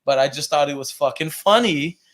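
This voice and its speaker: A man co-hosting a casual horror podcast, telling ghost stories in an animated way, swearing freely and acting out quotes. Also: fairly high pitch, a little fast. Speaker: podcast co-host. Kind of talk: casual chat, storytelling.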